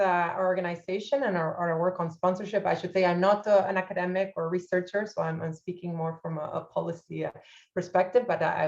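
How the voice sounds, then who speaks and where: A woman's voice: fairly low pitch, a little mellow. A woman presenting her organization's policy work in an online workshop, speaking hesitantly with many fillers, over a video call. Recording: muffled video-call audio.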